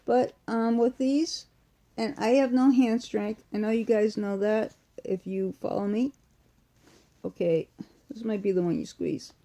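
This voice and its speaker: A woman's voice: a little high, steady tone, a little slow, dark tone. Chatty woman with a Massachusetts accent. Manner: chatty and rambling, with many fillers and restarts. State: sick and weak. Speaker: vlogger. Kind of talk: casual unboxing chat. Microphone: phone or webcam close in front.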